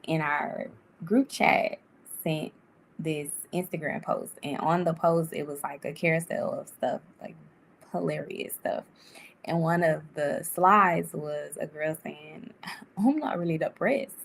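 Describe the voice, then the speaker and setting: A woman vlogger talks to camera from a room at home, loose and chatty, her pitch leaping up when she gets excited. Her voice sits low with a gravelly edge. A faint hiss runs underneath. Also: takes it slowly. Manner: chatty, animated, laughs often, sudden pitch jumps. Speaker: vlogger giving life advice. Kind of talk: casual talk to camera. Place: indoor room.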